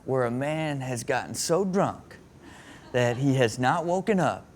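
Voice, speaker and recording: A man's voice: medium pitch, expressive, measured pace, slight background noise. A man hosting a comedy clip show, teasing his guests with joking questions. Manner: playful, teasing questions with laughs. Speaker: talk show host.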